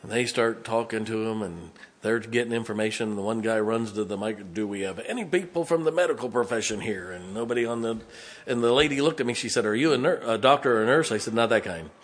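An older man preaching a sermon. He tells a story in a hushed, folksy way, then builds to fervent, rising preaching. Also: on the low side, fairly even intonation, fast talker.

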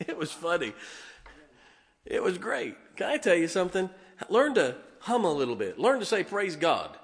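A man preaching as a Baptist pastor, telling animated personal stories and asking his congregation to listen up. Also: sits high, measured pace, long pauses. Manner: animated storytelling, keeps asking the congregation "can I tell you something". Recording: long reverb of a large hall.

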